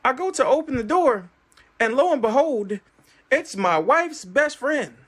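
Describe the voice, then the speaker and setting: Man, casual storyteller, swooping animated pitch, acts out every quote. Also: a little slow.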